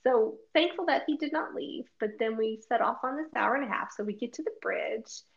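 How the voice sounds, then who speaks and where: A woman's voice: on the high side, fairly quick, creaky. A woman co-hosting a casual chat, telling a travel story with lots of laughter and acted-out quotes. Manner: animated, laughing often, acts out quotes. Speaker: podcast co-host. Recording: dull lo-fi audio.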